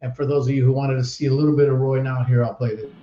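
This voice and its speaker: A man hosting a casual podcast chat, telling stories in an animated way and laughing often. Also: mid-range voice, rapid-fire, heavy background noise. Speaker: podcast host. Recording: roomy, dull online stream audio.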